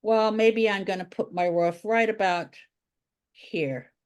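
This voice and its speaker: A woman's voice: medium pitch, slow pace, smooth. A woman art teacher giving a drawing tutorial, talking chattily and thinking aloud as she draws.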